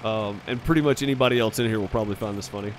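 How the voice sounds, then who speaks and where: A man's voice: lowish voice, rapid-fire, slight background noise. A man telling rambling stories in casual chat while streaming a farming game. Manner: rambling, chatty, fillers and restarts. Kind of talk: casual storytelling over voice chat.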